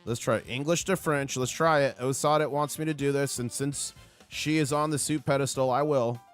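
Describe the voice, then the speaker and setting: A man hosting a live stream, giving excitable market commentary and reading viewer comments aloud. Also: mid-range voice, normal speed, faint music behind. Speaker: livestream host.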